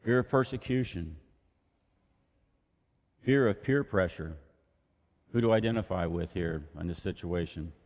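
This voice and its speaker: In a church sanctuary, a pastor preaches a sermon in a low, darkish voice, unhurried and pausing often, speaking conversationally with rhetorical questions. The highs are cut off and the hall's long reverb carries through the recording.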